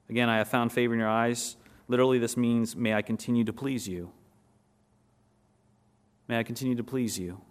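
A man preaching a sermon and teaching from a text. He asks the listeners questions, then answers them, and slows down and softens on key words. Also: fairly low pitch. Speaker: pastor.

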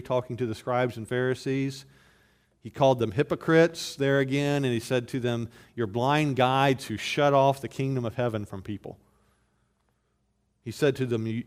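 A man preaching an expository sermon, building from steady explanation to loud emphatic bursts, with frequent restarts. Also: clean tone. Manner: rises to loud emphatic bursts, then drops low and slow; repeats words in restarts. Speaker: pastor.

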